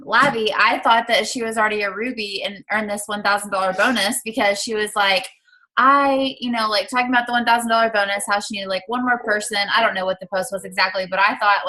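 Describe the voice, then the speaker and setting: Bright-toned chatty woman host. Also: medium pitch, low-quality recording. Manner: chatty, many "like" fillers. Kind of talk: casual chat.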